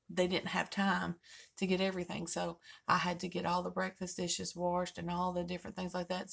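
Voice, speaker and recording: Folksy older woman with gravelly voice. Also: lowish voice. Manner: folksy, joking storytelling. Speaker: vlogger host. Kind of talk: casual chat.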